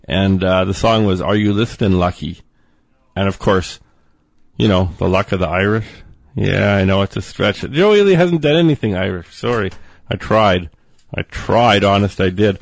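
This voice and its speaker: A man's voice: low voice, animated, normal speed, creaky, dry recording. A man hosting a radio music show in a laid-back, self-deprecating, joking manner from a studio.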